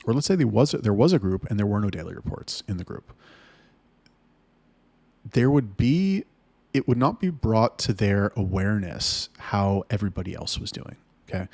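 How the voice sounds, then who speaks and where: A man's voice: on the low side, darkish tone, dry recording. A man talking to camera about managing his sales staff, blunt and heated, swearing often. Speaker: business owner talking to camera. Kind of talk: casual rant to camera.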